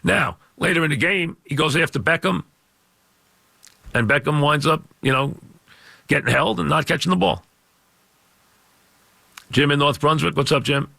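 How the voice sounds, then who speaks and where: Gravelly New sports radio host. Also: male voice, a little high, normal speed, pauses often, dry recording, studio quality. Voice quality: gravelly, scratchy voice. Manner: loud, emphatic, repeats points. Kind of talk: call-in talk radio rant. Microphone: studio microphone.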